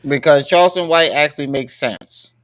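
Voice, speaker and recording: A man's voice: on the high side, moderate pace, a bit bright. A man hosting a live stream, talking in a blunt, profane, mocking way as he reacts to a video. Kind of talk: casual live-stream commentary.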